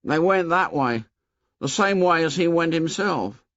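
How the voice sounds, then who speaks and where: A man voicing an anxious, fussy schoolboy who talks in rough grammar and is eager to please. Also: fairly high pitch, animated, a little slow, a bit bright, no echo, pitched above the performer's own voice. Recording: dull, dry studio audio.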